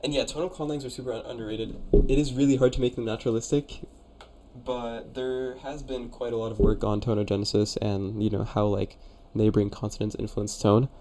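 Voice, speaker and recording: A young man chats loosely and casually, trying out sounds and replying to viewers as they write in. His voice is warm and mellow, sitting in a middle pitch. A faint steady hiss runs under the recording. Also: a little fast. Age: young adult. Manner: chatty, laid-back, reads chat aloud. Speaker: streamer reviewing viewers' conlangs. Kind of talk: casual live-stream chat.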